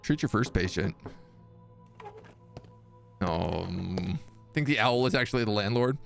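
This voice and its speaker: A man's voice: fairly low pitch, animated, measured pace, gravelly, long pauses, soft background music. A man streaming a video game, reading the on-screen text aloud and breaking off with jokey asides. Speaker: gaming streamer. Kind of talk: let's-play commentary.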